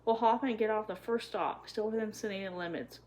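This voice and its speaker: A woman's voice: mid-range voice, moderate pace, a little mellow, a little hiss or hum, close to an everyday voice, poor audio. A woman voicing a smug young male hobo who brags and drawls in a wheedling, mocking way, in a storybook reading.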